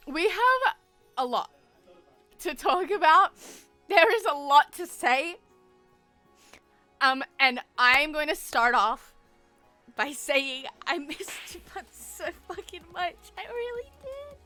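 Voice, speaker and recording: A young woman streamer chatting casually, giggling often and talking in a frantic, excitable way. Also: sits high, slow, long pauses, no room sound, soft background music. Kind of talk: casual live stream chat.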